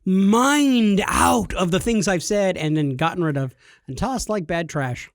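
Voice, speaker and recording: A young man with a lively, swooping voice, co-hosting a gaming podcast. He teases his partner and blows his stories up for fun. The sound is dry and close to the mic. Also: high-pitched, a little slow, no echo. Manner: animated, teasing, playful exaggeration. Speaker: podcast co-host. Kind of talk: casual podcast chat.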